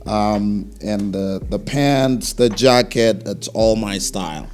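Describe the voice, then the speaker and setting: Friendly man, low voice. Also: a little mellow, a little hiss or hum. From Cameroon. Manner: friendly, measured, hesitant with fillers. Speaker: guest, fashion business owner. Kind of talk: casual interview. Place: local talk show studio.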